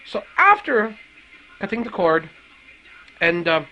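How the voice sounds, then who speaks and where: Animated Irish paramedic ranting. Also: male voice, high voice, slow, muffled recording. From Ireland. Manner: animated, swearing heavily. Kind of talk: profane storytelling rant.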